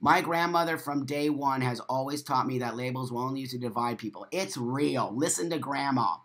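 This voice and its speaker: A man's voice: mid-range voice, normal speed, a bit bright. A middle-aged man hosting a casual live stream, reading viewer comments aloud and answering in a blunt, profane, emphatic way.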